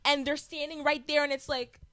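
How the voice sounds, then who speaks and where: A young adult woman co-hosting a podcast, chatting casually and telling animated stories with frequent laughter. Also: sits high, fairly quick, dry recording. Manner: animated storytelling, laughing often. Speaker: podcast co-host. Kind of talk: casual chat.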